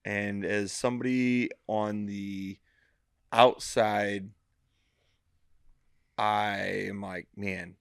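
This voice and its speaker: A man co-hosting a podcast in casual chat, animated, swearing freely and acting out his own thoughts. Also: lowish voice, very slow, vocal fry, pauses often, no echo, clean studio sound. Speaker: podcast co-host.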